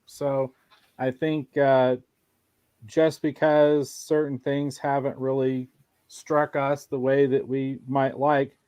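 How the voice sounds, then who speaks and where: A man co-hosting a casual podcast chat, speaking in a measured, hedging way. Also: medium pitch, flat delivery, a little mellow, smooth, no echo. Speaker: podcast co-host.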